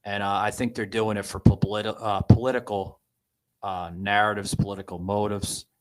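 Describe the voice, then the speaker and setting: A man hosting a political podcast, talking in a halting, upset way with many fillers and restarts. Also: fairly low pitch, level tone, poor audio. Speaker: podcast host.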